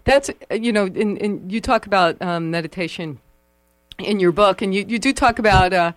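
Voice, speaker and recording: Halting interviewer in a dry room. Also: medium pitch, dry recording. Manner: halting, many uhs and restarts. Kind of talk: casual interview talk.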